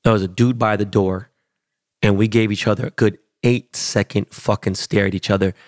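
A man's voice: on the low side, steady tone, moderate pace, no echo, studio quality. A man hosting a podcast, telling a boastful, profane story in casual chat. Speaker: podcast host.

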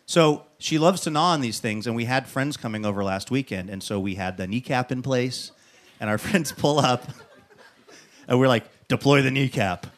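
Animated man hosting a talk show. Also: medium pitch, normal speed, a little hiss or hum. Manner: animated storyteller who acts out quotes. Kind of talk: comic monologue and interview.

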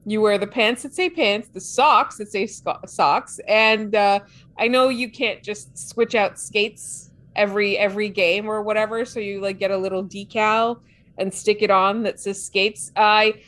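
A woman's voice: mid-range voice, fairly even intonation, unhurried, a bit bright. A woman co-hosting a sports podcast, chatting in an easygoing way with some hesitations. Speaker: podcast co-host. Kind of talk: casual sports chat.

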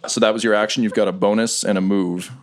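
A man narrating as game master, relaxed and laughing often, with frequent fillers. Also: on the low side, fast.

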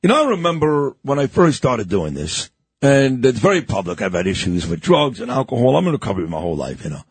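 A man's voice: mid-range voice, big pitch swings, fast, husky, no room sound. A middle-aged man hosting a radio show in a studio, chatting casually and asking his guest leading questions. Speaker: radio host.

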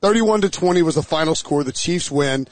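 A man hosting a casual sports podcast outdoors, energetic and joking with quick asides. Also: on the high side, dry recording. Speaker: podcast host. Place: outdoors near a stadium set.

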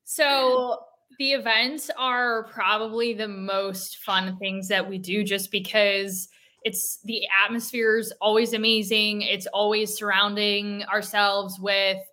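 Female co-host, chatty storyteller, crisp bright tone. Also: medium pitch, fairly even intonation, slow pace. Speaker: podcast co-host. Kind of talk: casual chat.

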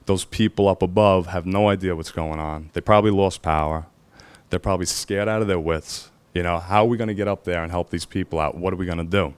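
A man telling his own story as a firefighter, halting and emotional, pausing often with fillers. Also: low voice, steady tone, smooth, no echo. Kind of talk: personal storytelling.

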